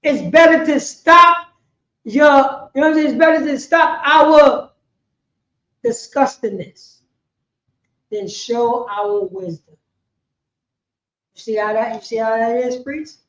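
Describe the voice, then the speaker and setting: High-voiced emphatic New woman preaching. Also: slow, long pauses. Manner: emphatic, repetitive, swings between loud bursts and quiet asides. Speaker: class teacher. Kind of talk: preaching to a class. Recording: echoey room, muffled lo-fi sound.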